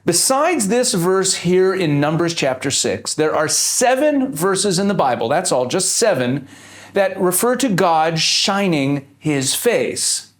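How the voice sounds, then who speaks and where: A man's voice: sits high, big pitch swings, slow pace. A man teaching scripture, explaining each point step by step and posing rhetorical questions to his audience. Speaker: Bible teacher.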